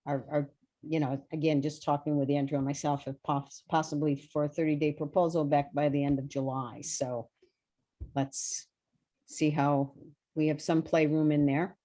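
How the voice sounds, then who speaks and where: A woman with a low voice chairs a committee meeting over a video call. She talks hesitantly, with fillers and restarts. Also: little pitch movement, moderate pace, mellow. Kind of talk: online meeting talk.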